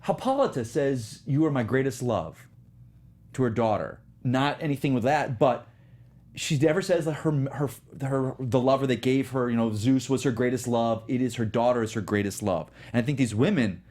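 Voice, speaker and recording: A man's voice: mid-range voice, moderate pace, darkish tone. A man co-hosting a casual movie news panel, playful and self-deprecating. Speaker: podcast co-host.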